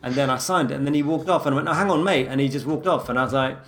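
A man's voice: mid-range voice, rapid-fire. A man in casual podcast chat, telling a story and acting out the lines he quotes. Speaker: podcast co-host.

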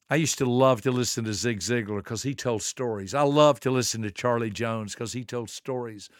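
A man in his seventies hosting a motivational podcast, preaching with emphatic rhetorical questions and swinging between soft asides and booming lines. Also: no room sound, clean studio sound. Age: 70s. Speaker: podcast host and motivational speaker.

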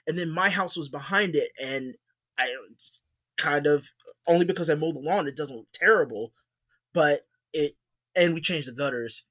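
A man's voice: a little high, normal speed, sharp tone. A man telling a story in casual podcast chat, rambling with many fillers and restarts. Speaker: podcast co-host.

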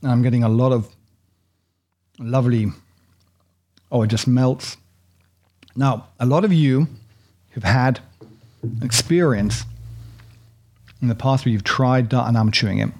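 A man hosts a relaxed tasting session, talking his way through each bite in a loose, rambling way. His voice sits at an ordinary pitch with a gravelly, creaky edge, and he makes fun of himself easily. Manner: chatty, rambling and self-deprecating. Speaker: host tasting chocolate. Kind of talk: casual tasting chat.

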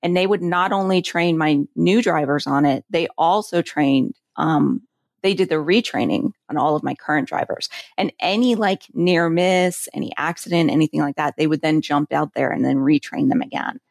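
A woman's voice: low voice, normal speed, vocal fry, no echo, studio quality. A woman in her forties, a safety consultant telling work stories in a chatty interview, with lots of filler words. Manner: chatty, filler-heavy, animated storytelling. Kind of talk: casual interview conversation.

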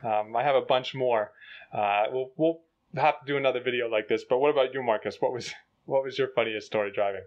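Animated male co-host, casual storyteller, slightly muffled recording. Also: medium pitch, fairly quick. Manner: animated, acts out voices in quotes. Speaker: co-host telling a travel story. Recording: slightly dull lo-fi audio.

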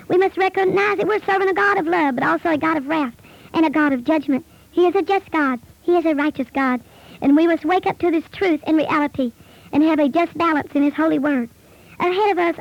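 A woman's voice: sits high, vocal fry, dry recording, dull audio. A woman preaching a testimony in an earnest, pleading, solemn manner. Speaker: preacher recounting a vision.

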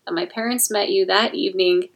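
A woman's voice: medium pitch, fairly even intonation, brisk, poor audio. A woman guest in casual conversation, recalling memories in a reflective way.

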